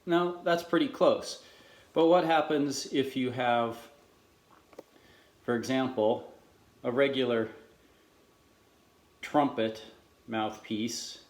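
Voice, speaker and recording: Slow-talking man explaining in an echoey room. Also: mid-range voice. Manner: unhurried, explanatory, frequent restarts. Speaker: trumpet mouthpiece maker. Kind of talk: casual demonstration lesson.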